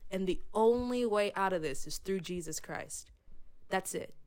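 Fervent woman, casual faith chat, emotional, hushed quoted lines. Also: medium pitch, expressive, measured pace, smooth. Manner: fervent, emotional, acts out God's words softly.

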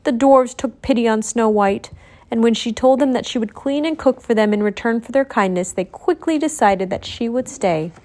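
A woman narrating a children's storybook in a clear, steady way. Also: on the high side, normal speed.

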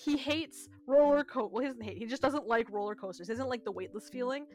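A young woman co-hosting a podcast, telling a long story in casual chat, animated and full of swearing and laughter. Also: a little high, fast. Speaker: podcast co-host.

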